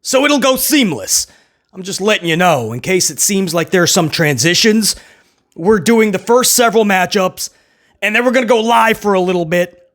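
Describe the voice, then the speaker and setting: Man, high-pitched voice, slangy casual host, chatty, laughs a lot. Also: animated, moderate pace, fairly bright tone. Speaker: wrestling review host. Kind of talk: casual solo review.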